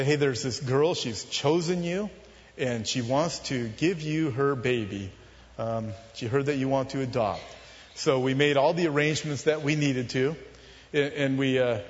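Earnest man preaching in a big echoing hall. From Southern California. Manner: earnest, confessional storytelling with soft low stretches. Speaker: preacher telling his testimony. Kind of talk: sermon testimony. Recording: muffled, with long hall reverb.

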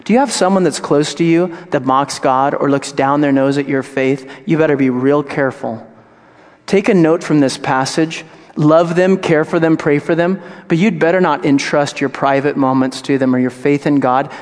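A male pastor preaching a sermon, moving from hushed, tender passages to loud, animated storytelling. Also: on the high side, moderate pace. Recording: long reverb of a large hall.

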